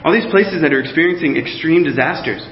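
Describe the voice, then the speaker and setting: A man preaches to his congregation in a relaxed, talky style, often backing up and rephrasing as he goes. His voice sits a bit high, and it rings around a large reverberant hall. The recording is a little dull and lo-fi. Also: fast talker, slight background noise. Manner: conversational preaching with many restarts and asides to the congregation. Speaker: pastor. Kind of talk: sermon. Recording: roomy hall sound, slightly dull.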